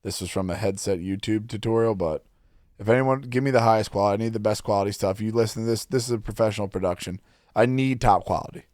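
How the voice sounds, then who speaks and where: A man's voice: lowish voice, fast talker, a little mellow, no room sound. A man hosting a podcast in casual banter, swearing a lot and joking boastfully, in a studio. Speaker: podcast host.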